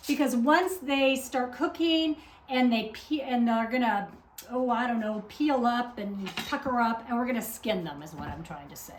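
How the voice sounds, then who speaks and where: A woman filming a casual home cooking video, chatting and joking with herself as she works in her kitchen. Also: on the high side. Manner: chatty, self-mocking, talks to herself while cooking. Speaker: cooking vlogger. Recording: clear kitchen noise behind. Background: clattering dishes and pans.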